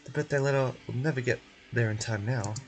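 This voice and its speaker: A man's voice: mid-range voice, a little fast, faint music behind, natural voice. A man voicing a flustered, forgetful adult man who is running late in a fan game voice-over, with fussy, old-fashioned exclamations.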